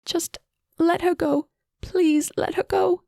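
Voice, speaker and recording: A woman voicing a gentle young princess who is crying and desperately begging her older sister. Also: very high voice, fairly even intonation, slow pace, gravelly, no echo, studio quality, voice pushed up, exaggerated voice. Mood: tearful pleading.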